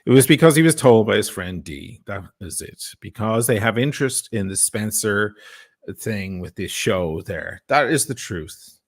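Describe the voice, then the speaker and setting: Blunt lower-voiced male panelist. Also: lively intonation, normal speed. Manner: blunt, combative, swearing. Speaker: panel guest. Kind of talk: casual livestream chat.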